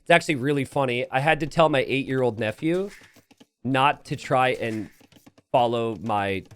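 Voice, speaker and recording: A man's voice: mid-range voice, moderate pace, clean tone. A man streaming live game commentary from his home setup, rambling into self-deprecating jokes and asides. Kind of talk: live game commentary mixed with casual chat.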